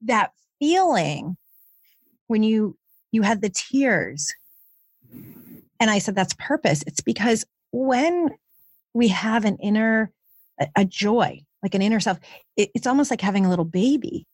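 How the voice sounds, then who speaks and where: A woman hosting a podcast interview as a coach, speaking in a reflective, affirming way with drawn-out phrasing. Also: medium pitch, lively intonation, breathy edge, dry recording, clean studio sound. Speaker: host and life coach.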